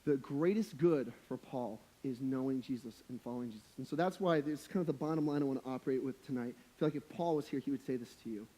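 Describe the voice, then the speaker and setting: A man's voice: mid-range voice, fast, hardly any pauses, mellow. A young adult man preaching a sermon as a pastor, in a casual, slangy, conversational way with humorous, emphatic points.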